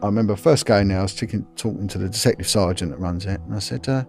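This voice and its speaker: A middle-aged man, a former police officer, recounting events in an interview in an earnest, grave way, halting often and repeating words as he restarts. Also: on the low side, darkish tone, soft background music.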